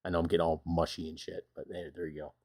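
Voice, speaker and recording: Host: middle-aged man, folksy and chatty, lowish voice. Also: little pitch movement, fast talker, a little mellow. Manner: chatty, folksy, calls viewers brother. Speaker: live stream host. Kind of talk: casual live stream chat.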